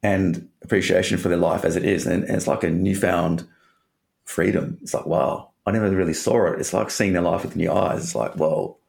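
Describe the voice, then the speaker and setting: A man's voice: deep voice, fairly even intonation, brisk, gravelly, a little mellow. A man from Australia telling a candid personal story in an interview, rambling and swearing casually.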